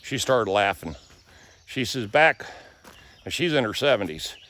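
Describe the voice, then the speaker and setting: A man's voice: lowish voice, big pitch swings, measured pace, fairly bright tone. A man vlogging casually, walking through his garden and telling folksy stories. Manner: folksy storyteller. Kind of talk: casual vlog walk-through. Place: rural garden outdoors.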